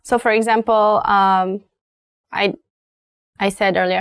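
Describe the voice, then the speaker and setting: A young woman with a Romanian accent teaches useful phrases at an unhurried pace, saying each word more than once for learners. Her voice sits in a middle range and is recorded dry and close with no room sound. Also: medium pitch, steady tone, smooth, no echo. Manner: slow, repeats phrases for learners. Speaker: language teacher. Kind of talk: language lesson.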